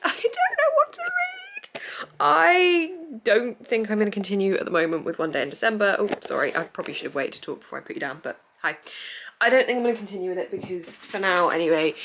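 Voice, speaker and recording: Young woman, book vlogger, chatty and giggly, very animated pitch. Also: a little hiss or hum. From England. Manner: rambling, giggly, easily sidetracked. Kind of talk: casual chatty vlog.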